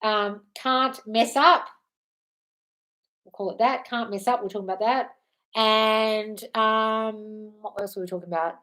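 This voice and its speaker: A woman's voice: mid-range voice, fairly even intonation, moderate pace, a bit bright. An Australian woman hosting a live-stream Q&A, reading out comments and answering bluntly but affectionately, calling listeners darling. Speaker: manifestation coach.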